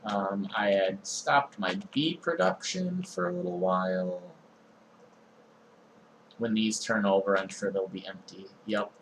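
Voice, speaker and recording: A young man streaming a game, talking through his inventory in a relaxed, meandering way with frequent ums and uhs. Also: low-pitched, measured pace, a little hiss or hum, poor audio. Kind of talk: casual let's-play commentary.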